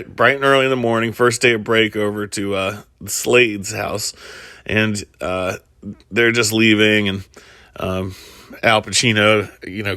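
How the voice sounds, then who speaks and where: Low-voiced man rambling through a story. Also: sharp tone, no room sound, clean studio sound. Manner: rambling, many fillers and restarts. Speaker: comedic storyteller. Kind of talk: casual spoken plot retelling.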